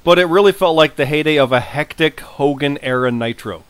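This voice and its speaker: A man's voice: a little high, a bit bright, clean tone, no echo. A man co-hosting a casual podcast, talking at length and jumping in often. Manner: talkative, quick to jump in. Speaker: podcast co-host. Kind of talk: casual chat.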